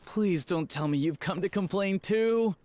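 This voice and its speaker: A man's voice: high-pitched, measured pace, darkish tone, lo-fi sound, pitched above the performer's own voice. A man doing a weary, overworked station master. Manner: tired, apologetic.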